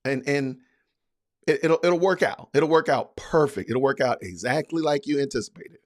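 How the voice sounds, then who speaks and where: A man's voice: medium pitch, moderate pace. A man hosting a podcast, giving sarcastic political commentary in a mocking, hyped-up, repetitive way. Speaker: podcast host.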